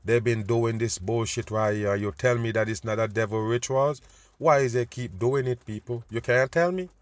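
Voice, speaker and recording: A man giving a loud, preachy, profane rant over news clips, repeatedly addressing his listeners as people. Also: medium pitch, steady tone, moderate pace. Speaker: host.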